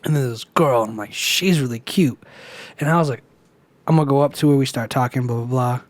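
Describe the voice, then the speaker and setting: A man's voice: mid-range voice, fairly quick, dry recording. A young man co-hosting a casual podcast, telling a rambling story, swearing freely and acting out the people he quotes. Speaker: podcast co-host. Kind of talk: casual chat.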